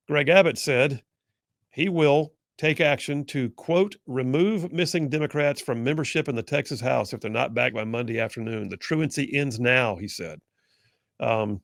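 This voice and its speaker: A man's voice: medium pitch, vocal fry, no echo, clean studio sound. A man hosting a political talk show, delivering sarcastic commentary and mocking opponents in whiny put-on voices.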